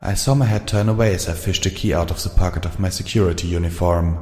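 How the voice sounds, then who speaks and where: A man narrating an audiobook in a steady, measured storytelling voice. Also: sits low, breathy edge, no echo, studio quality. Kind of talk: scripted narration.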